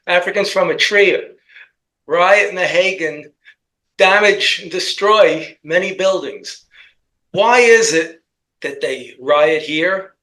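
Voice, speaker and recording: A man co-hosting a casual commentary chat, talking in a rambling, halting way with many restarts. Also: high voice, sharp tone, rough recording. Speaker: co-host.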